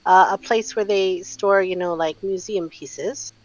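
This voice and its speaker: A woman's voice: medium pitch, steady tone, a little slow, no room sound. Woman with a dull, dry sound. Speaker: player. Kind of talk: in-character tabletop play.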